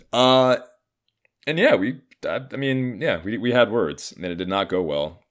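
A man in his thirties tells a personal story casually, swearing freely and leaning on fillers. His somewhat low voice swings widely in pitch as he talks. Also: measured pace. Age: 30s. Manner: profane, animated, frequent fillers.

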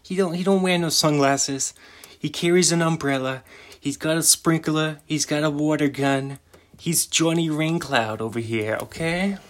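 A man's voice: a little high, normal speed, pitched above the performer's own voice, close to an everyday voice. A man doing a swaggering mobster tough guy. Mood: menacing. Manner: swaggering, repetitive, street grammar. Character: boastful male Italian-American mobster, tough, threatening. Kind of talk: improvised comic impression.

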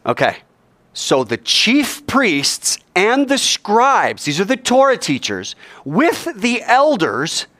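A man preaching a sermon in a lively, joking way, acting out quoted voices. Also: high voice, slow. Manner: animated, jokey, acts out quoted voices. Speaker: pastor.

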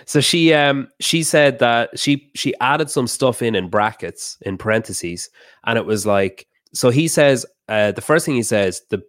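A man talking as a podcast guest, telling a heated story fast and swearing often. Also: mid-range voice, lively intonation, no echo, studio quality. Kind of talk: casual podcast chat.

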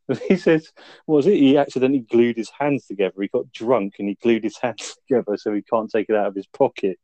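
With a medium-pitched, warm voice and a brisk pace, a man chats casually on a review podcast about a film, going over scenes while laughing and swearing freely in a relaxed way. The sound is lo-fi, with no echo.

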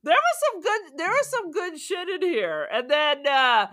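A woman's voice: very high-pitched, big pitch swings, sharp tone. A woman co-hosting a podcast, trading sarcastic quips in a casual chat about a horror movie. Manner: playful, sarcastic, quick quips. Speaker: podcast co-host.

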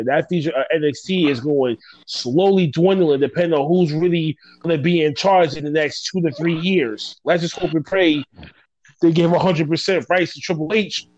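A man with a fairly high voice talks bluntly and jokes while giving his view on a podcast. His sound is muffled and lo-fi. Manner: blunt, joking, swears casually. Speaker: podcast co-host. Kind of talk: casual chat. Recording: dull lo-fi sound.

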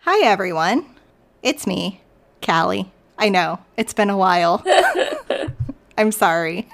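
Woman host, lively pitch, chatty, casual opener. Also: takes it slowly, vocal fry, soft background music. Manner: chatty, apologetic show opener. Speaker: podcast host. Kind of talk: casual chat.

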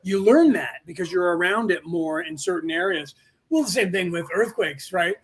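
A man's voice: high-pitched, moderate pace, slightly rough. A man in his forties from California, hosting a podcast in a rambling, casual livestream chat, often restarting and correcting himself mid-sentence. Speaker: podcast host.

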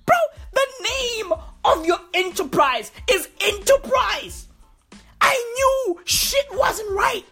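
A woman's voice: very high voice, lively intonation, slow, a bit bright, faint music behind. A woman delivering a profane, mocking comedy rant full of slang.

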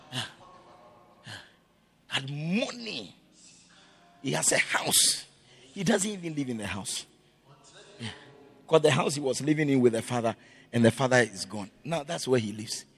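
A man preaching a sermon as pastor, swinging between loud shouted lines and quiet, low storytelling. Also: very animated, unhurried, vocal fry, pauses often, breathy edge.

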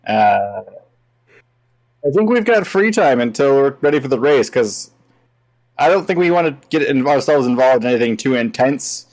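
Deadpan man playing a tabletop game. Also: medium pitch, normal speed, low-quality recording. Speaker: player. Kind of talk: casual tabletop game play.

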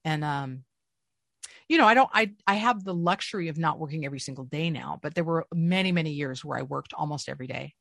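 A middle-aged woman, a voice actress, telling stories in a casual interview with an animated, swinging delivery. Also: a little fast, gravelly, no echo, studio quality. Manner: animated storyteller with lively swings in pitch. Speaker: voice actress, guest.

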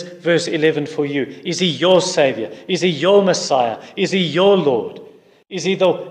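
Earnest preacher in a reverberant hall. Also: male voice, a little high. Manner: earnest, questioning the listeners directly. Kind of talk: sermon.

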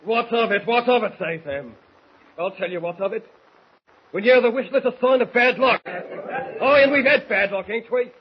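A menacing mutineer ringleader, barking threats in coarse grammar. His voice sits high, coming through a muffled 1940s radio broadcast with faint hiss. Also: normal speed, long pauses. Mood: scornful. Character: menacing English mutineer ringleader, gruff man.

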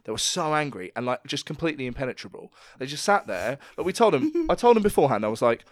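A man's voice: medium pitch, sing-song, fast, no room sound, studio quality. A man co-hosting a podcast, telling a story in casual chat, swearing freely and acting out the quotes. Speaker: podcast co-host.

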